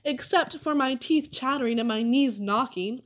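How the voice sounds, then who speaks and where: A woman voicing a high, scared young boy. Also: moderate pace, lightly acted.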